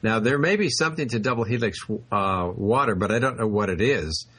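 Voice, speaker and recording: A man hosts a radio health call-in show as the resident doctor. His husky voice moves over a wide pitch range. He explains things with confident authority. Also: lively intonation, fairly quick, a bit bright.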